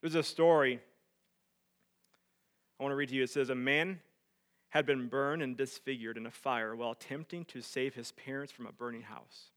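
A male pastor preaching, dropping to hushed tones and rising to loud emphatic peaks as he tells a story. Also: medium pitch, steady tone, normal speed, pauses often. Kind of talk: sermon.

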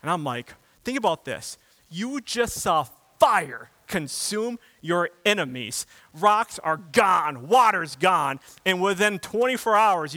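In a dry recording, a high-pitched male pastor gives a casual, conversational sermon peppered with slang asides. He moves from loud, emphatic outbursts into quiet, reflective stretches.

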